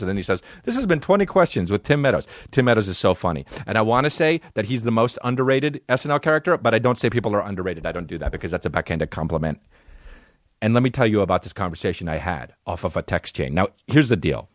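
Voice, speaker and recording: A man in his forties hosts a podcast, delivering a comedic monologue of profane stories and slipping into put-on voices. His pitch is fairly low, his intonation lively and his pace quick, captured in a dry, clean studio recording.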